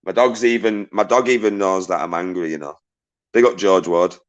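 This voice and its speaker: A man's voice: low-pitched, fairly even intonation, moderate pace, lo-fi sound. A man on a livestream, agitated and swearing as he reads out and answers viewer messages. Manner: agitated and ranting, swears often, shouts out viewers.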